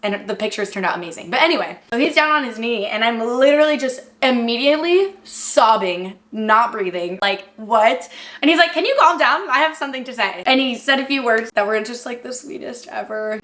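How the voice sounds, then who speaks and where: A young woman telling a story to her camera in a rambling, excitable way, full of fillers and close to tears. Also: on the high side, normal speed, reverberant. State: emotional, near tears. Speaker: vlogger.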